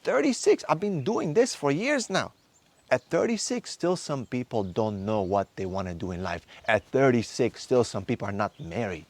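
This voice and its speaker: Hectoring man in his thirties, swooping pitch. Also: sing-song. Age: 30s. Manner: hectoring, rapid-fire rhetorical questions. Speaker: men's course instructor. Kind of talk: impassioned motivational lecture.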